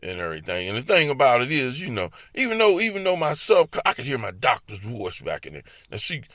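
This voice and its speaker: A man with a Baltimore accent tells casual personal stories directly to the listener, his medium-pitched, slightly bright voice swooping wildly and moving briskly. He laughs often while acting out the voices in his head. The studio-quality recording has no room sound.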